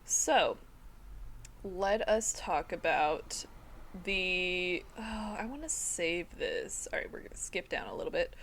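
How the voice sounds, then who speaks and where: A woman's voice: lowish voice, lively intonation, slow. A woman co-hosting a casual podcast, talking in a chatty, self-deprecating way and laughing often. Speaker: podcast co-host presenting the topic.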